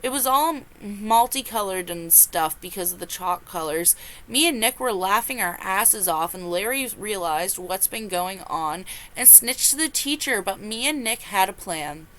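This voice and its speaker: A young woman reading confessions aloud and reacting with loud exclamations and laughter. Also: medium pitch, measured pace. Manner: animated, exclaims and laughs between lines.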